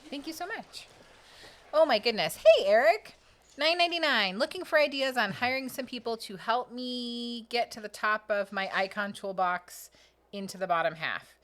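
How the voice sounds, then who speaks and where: A sleepy woman co-hosts a live stream, reading viewer messages aloud and thanking each one. She is chatty and playful, sometimes singing little high-pitched dings when a donation comes in. Her voice sits at a middle pitch. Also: fairly bright tone. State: sleepy, yawning. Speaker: co-host reading super chats. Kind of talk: casual live-stream chat.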